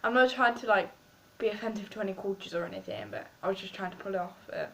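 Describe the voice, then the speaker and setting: A woman's voice: mid-range voice, quick pace, gravelly, a bit bright, a little hiss or hum, poor audio. A woman with an English accent, chatting in a rambling, self-mocking way as she vlogs. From England. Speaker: vlogger. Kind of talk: casual food-tasting vlog.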